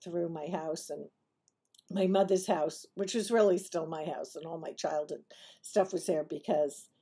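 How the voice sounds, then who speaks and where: A woman's voice: sits low, unhurried, dark tone, husky. A woman telling a personal story to her audience in a chatty, digressive way, often laughing through her punchlines. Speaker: vlogger telling personal stories. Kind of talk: casual storytelling to camera.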